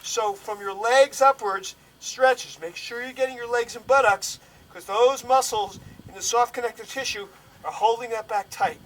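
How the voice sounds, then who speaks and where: A man guiding a stretching routine step by step, calm and instructive, a little out of breath. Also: very high-pitched, moderate pace, far from the mic, poor audio. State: slightly out of breath. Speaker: bodywork instructor.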